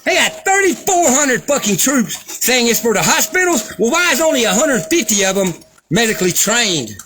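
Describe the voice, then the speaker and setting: A man's voice: extremely high pitch, very animated, normal speed, over music. A man delivering an angry, profane, sarcastic rant as a vlogger. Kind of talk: angry ranting commentary.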